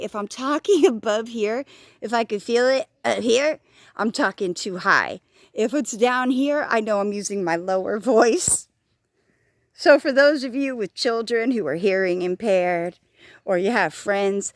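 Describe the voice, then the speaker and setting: A woman's voice: medium pitch, no room sound, clean studio sound. A woman vlogging outdoors on a walk, talking frankly and rambling, swearing freely and joking at herself. She says she is hard of hearing. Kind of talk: casual talking-to-camera vlog.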